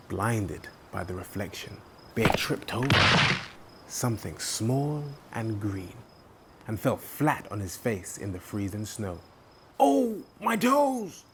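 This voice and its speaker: A man hosting a children's show and reading a bedtime story aloud in an expressive way. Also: lowish voice, a little hiss or hum. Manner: animated and expressive. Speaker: storyteller host.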